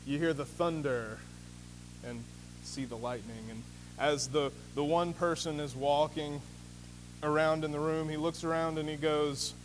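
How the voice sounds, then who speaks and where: A man's voice: a little high, steady tone, measured pace. A man preaching a sermon as pastor, in a conversational storytelling manner with many fillers. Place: church sanctuary. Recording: reverberant hall with faint hum.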